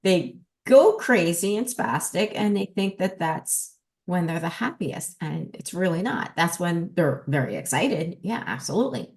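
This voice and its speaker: A woman with a New Jersey accent hosting a podcast as a dog trainer, explaining in an emphatic, lively teaching manner. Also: on the low side, unhurried. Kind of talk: casual podcast talk.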